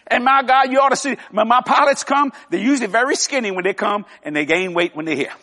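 High-voiced older preacher in a big hall. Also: male voice, fast talker, hardly any pauses, pushed and bright. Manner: folksy, emphatic, joking with laughs. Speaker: televangelist preacher. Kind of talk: sermon. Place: large church hall. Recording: long hall reverb.

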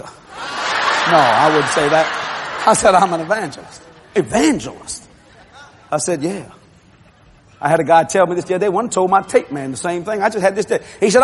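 A man, a television evangelist, telling stories in a sermon, often shouting and laughing as he goes. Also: high voice, brisk, long pauses, background noise. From Louisiana, USA. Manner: animated and shouting, laughing through his stories. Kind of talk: storytelling sermon.

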